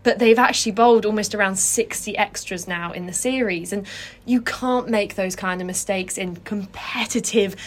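A woman's voice: mid-range voice, normal speed. Woman co-hosting a sports analysis chat. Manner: analytical, cites figures and stats. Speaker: cricket podcast co-host. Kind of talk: casual sports discussion.

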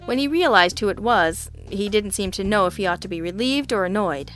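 Woman reading a noir audiobook, wry sardonic tone, mid pitch. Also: expressive, brisk, fairly bright tone, soft background music. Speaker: audiobook narrator. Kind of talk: first-person scripted narration.

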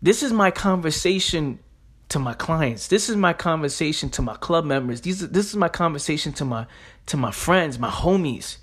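Fired-up New man, slightly high voice. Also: expressive, moderate pace, a bit bright. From New York. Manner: emphatic, street slang, repeats phrases. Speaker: podcast host. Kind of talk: motivational podcast monologue.

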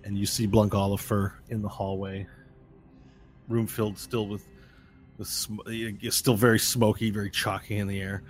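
A man running a tabletop game as game master, narrating scenes vividly with halting pauses and shouted cries. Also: on the low side, little pitch movement, faint music behind.

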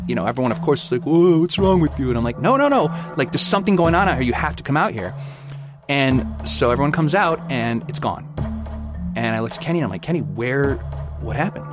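A young man casually recounting a personal story in a loose, rambling way, full of fillers. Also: medium pitch.

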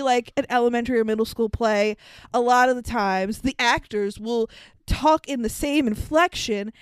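A woman's voice: fairly high pitch, clear, resonant tone, no echo. A woman co-hosting a podcast, riffing sarcastically on a bad movie, swearing freely and laughing often. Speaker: podcast co-host. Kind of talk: casual movie-riffing chat.

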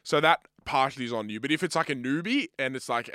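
Young man, bright lively voice, dry close sound, casual swearing banter. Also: medium pitch, fast talker, no room sound. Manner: animated storyteller, swears freely, acts out friends' lines. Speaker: podcast co-host. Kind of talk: casual chat.

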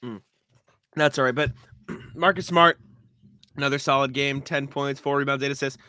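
A man co-hosting a sports podcast, with a bright, forward voice recorded close and dry. He runs through stats in casual chat, clearing his throat often and restarting his sentences. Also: medium pitch, steady tone, no echo. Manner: rapid game recap, frequent throat clearing and stammered restarts. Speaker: podcast co-host.

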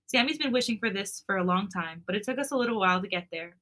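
A woman reading the lines of a heartfelt young man giving a toast, soft and stammering. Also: medium pitch, animated, fast. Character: emotional young man, expecting father.

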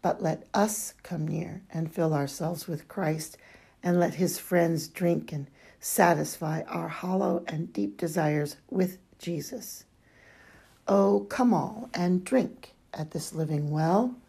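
A woman reading devotional letters aloud in a fervent, drawn-out way, with hushed passages. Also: fairly low pitch, creaky, slightly rough. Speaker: reader.

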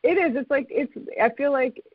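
A podcast host in casual conversation, talking haltingly with many fillers and restarts. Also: sits high, no echo. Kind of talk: casual conversation over a call. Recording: tinny phone-like line, dry.

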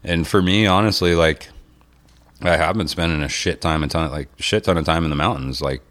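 A man who fishes, talking casually and profanely in a relaxed chat, often saying "dude". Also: deep voice, brisk. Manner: laid-back, profane, says "dude" often.

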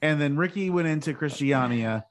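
A man's voice: on the high side, lively intonation, normal speed. A young man in casual chat, rambling and swearing as he tells stories. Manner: rambling, swearing, restarts often.

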